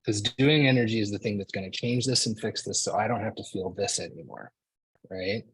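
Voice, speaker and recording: Low-voiced man telling a story casually. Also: a little fast, fairly bright tone, slightly rough, no room sound, low-quality recording. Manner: casual, conversational, frequent "like" and "right?". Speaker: speaker. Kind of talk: storytelling talk to an audience.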